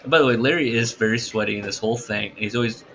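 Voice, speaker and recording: A man co-hosting a casual podcast, telling a story in an animated way and laughing at his own retelling. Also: mid-range voice, fast, slight background noise. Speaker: podcast co-host recapping wrestling shows. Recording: dull, slightly lo-fi podcast audio.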